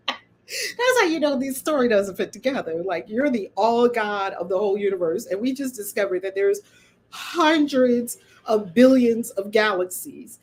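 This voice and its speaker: A woman hosting her own channel, giving a casual spiritual monologue in an animated, emphatic and preachy way, often breaking into laughter. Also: mid-range voice, moderate pace. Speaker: channel host and spiritual speaker.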